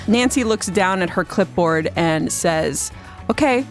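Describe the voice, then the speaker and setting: A woman running a comedy tabletop game. She sets scenes in a casual, lowish voice. Faint music plays behind. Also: a little slow. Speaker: dungeon master.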